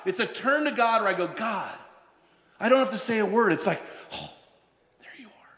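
Preaching pastor with a higher voice. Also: male voice, animated, fairly bright tone. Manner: storytelling, slows down to stress scripture. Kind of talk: sermon. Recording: echoey hall, long reverb.

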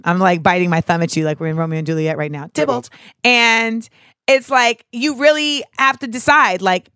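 A woman hosting a podcast in casual chat, telling stories in an animated, profane way full of asides. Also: medium pitch, normal speed, smooth, no room sound, clean studio sound. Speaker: podcast host.

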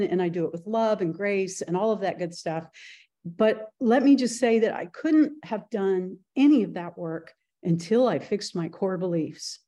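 A woman's voice: mid-range voice, expressive, a little slow, dark tone. A woman guest on a podcast, telling her personal story in a reflective way. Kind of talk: casual interview chat.

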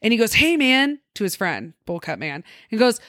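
This young woman is co-hosting a casual podcast and telling a story, swinging her pitch up and down as she acts out the people in it. Her voice sits at a middle height, and the recording is dry and close with no room sound. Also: brisk, no room sound. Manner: animated, laughing, acts out quoted people. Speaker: podcast co-host.

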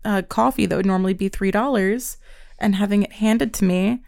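A young woman from Pennsylvania co-hosting a podcast, telling stories in a profane, animated way. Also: a little fast, creaky. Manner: profane, animated storyteller, swings pitch high when quoting. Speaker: podcast co-host. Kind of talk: casual chat, storytelling.

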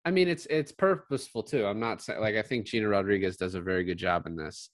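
Lowish dry-voiced man, blunt chat. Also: quick pace, no room sound. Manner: blunt and animated, swears, acts out lines from the film. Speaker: podcast co-host. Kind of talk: casual chat.

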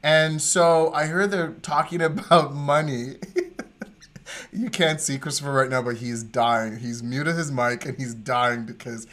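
A man co-hosting a podcast, telling a story in a lively, digressive way and often laughing. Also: medium pitch, measured pace. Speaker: podcast co-host. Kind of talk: casual chat, storytelling.

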